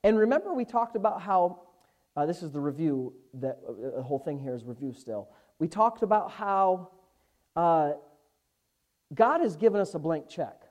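Male pastor, emphatic sermon, drawn-out scripture quotes. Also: a little high, animated, darkish tone. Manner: emphatic preaching, slows and swells on scripture.

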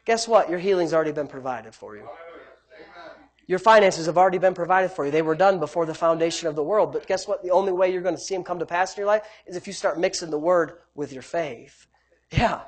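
Preaching at a quick pace, this speaker alternates between booming emphasis and hushed, low asides. His sermon is repetitive, with key phrases drawn out and repeated appeals to the congregation.

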